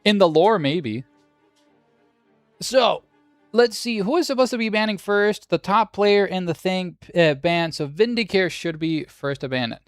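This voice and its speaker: A man's voice: high voice, lively intonation, a little slow, no room sound, clean studio sound, soft background music. A man hosting a game tournament on a livestream, chatting casually and joking with viewers, swearing now and then.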